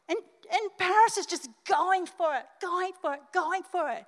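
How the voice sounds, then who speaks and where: Older Australian woman pastor, high voice, lively sermon in a reverberant church hall. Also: moderate pace, hardly any pauses. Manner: animated, emotional, talks straight to the congregation. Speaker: senior pastor.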